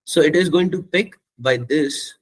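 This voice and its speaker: A man teaching a software testing course, walking students step by step through setting up Java and often checking in with "okay" and "right". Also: a little high, unhurried, husky, rough recording. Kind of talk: screen-share coding tutorial.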